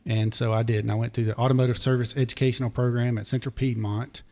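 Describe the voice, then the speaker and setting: A hoarse, mellow-voiced man in his fifties with a drawl, easing through a long story as a podcast guest. He wanders into side details and loops back before carrying on. His tone sits warm and low at an even, middling pitch. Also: fast talker. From Charlotte area, North Carolina. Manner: digressive, detail-heavy storyteller. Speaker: podcast guest, former race mechanic. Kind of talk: long rambling story told in casual chat.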